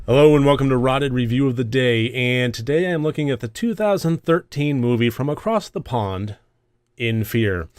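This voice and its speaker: A man's voice: medium pitch, lively intonation, moderate pace, darkish tone, clear, resonant tone. A man hosting a casual spoken film review, rambling with frequent fillers and little asides. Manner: rambling, many fillers, self-deprecating asides. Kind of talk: casual movie review monologue.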